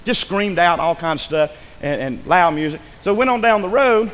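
Fervent preacher in an echoing hall. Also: male voice, high voice, animated, moderate pace. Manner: fervent storytelling, swings between hushed and shouted. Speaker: pastor. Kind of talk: sermon. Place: church sanctuary. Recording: echoey hall with faint ambience.

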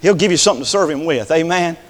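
A man preaching a fiery sermon, swinging between shouted peaks and quiet drops. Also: on the high side, quick pace. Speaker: pastor. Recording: long echo in a church hall.

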